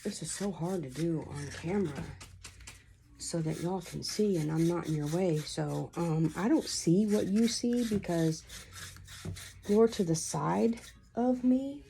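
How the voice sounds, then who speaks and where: A woman's voice: fairly low pitch, unhurried, vocal fry, dark tone, a little hiss or hum. A woman giving a casual crafting tutorial at home, chatty and rambling as she tells stories while she works. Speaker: craft vlogger.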